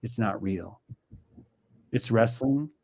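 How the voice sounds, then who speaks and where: A man's voice: mid-range voice, slow, gravelly, darkish tone, slight background noise. A man as a guest, talking in a profane, ranting way in an opinionated conversation.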